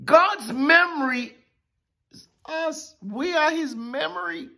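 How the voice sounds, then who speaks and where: A woman preaching a sermon in a slow, deliberate cadence, stretching out key words. Her voice sits fairly high for a woman, and she leans on dramatic pauses and emphatic stress. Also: animated, sharp tone.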